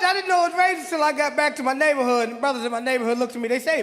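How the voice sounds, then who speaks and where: Bright, high-voiced man telling a story. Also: fast talker, few pauses, slight background noise. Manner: laughing, easygoing. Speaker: guest storyteller. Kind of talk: live stand-up storytelling. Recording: live hall with crowd.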